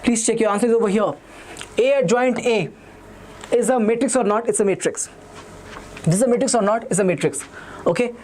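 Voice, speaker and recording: Fast-talking Indian English maths teacher. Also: male voice, sits high, a little mellow, slight background noise. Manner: fast, repetitive, reads students' chat comments aloud. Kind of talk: live online revision class.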